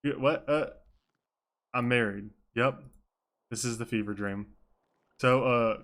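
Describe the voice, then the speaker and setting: A man's voice: medium pitch, takes it slowly, long pauses, fairly bright tone. A young man streaming a role-play, narrating and reacting in a self-mocking, casually swearing way.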